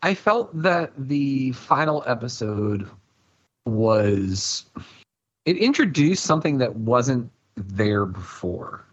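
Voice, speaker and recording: A man on a podcast panel, talking in an animated, rambling way and acting out his own reactions. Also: medium pitch, slow pace, highs cut off. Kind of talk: casual podcast chat.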